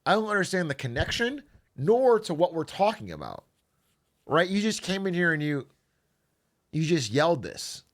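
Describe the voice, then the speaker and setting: Young male streamer, lively sarcastic banter with a slightly raised pitch; casual stream chat. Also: moderate pace, long pauses. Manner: animated, sarcastic, laughs often.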